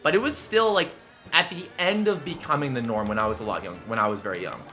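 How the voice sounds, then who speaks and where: A man's voice: mid-range voice, fast talker, soft background music. A man in his twenties, a streamer telling stories in a rambling, casual way full of fillers while he plays a game. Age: 20s. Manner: rambling, filler-heavy, animated. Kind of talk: casual storytelling while gaming.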